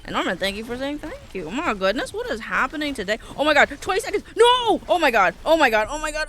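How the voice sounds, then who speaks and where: A woman streaming a game live, her voice high and bright with wide, lively swings in pitch. She lurches from sharp yelps to grumbled asides and swears freely while thanking her chat. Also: fast talker, hardly any pauses, a little hiss or hum. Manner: excitable, swings from yelps to muttering, swears a lot.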